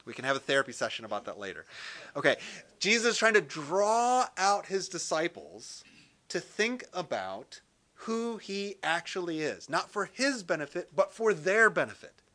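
A man teaching through a Gospel passage in a relaxed, conversational sermon style, reading scripture aloud and adding light jokes. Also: high-pitched, normal speed. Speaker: Bible teacher.

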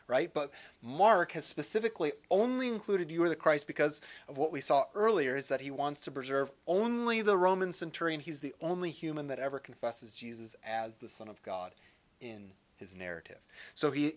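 A man teaching through a Gospel passage in a relaxed, conversational sermon style, reading scripture aloud and adding light jokes. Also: fairly high pitch. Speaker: Bible teacher.

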